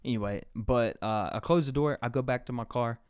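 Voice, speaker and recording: A man's voice: mid-range voice, fairly quick, darkish tone, smooth, dry recording, studio quality. A young man hosting a podcast, telling a rambling, profane story in casual chat. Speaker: podcast host.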